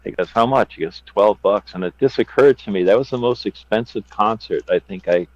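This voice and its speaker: A man with a lowish voice recalls old times and reacts with wry surprise. The sound is dry and close, with no room around him. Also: fast, darkish tone, no room sound, lo-fi sound. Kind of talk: casual banter.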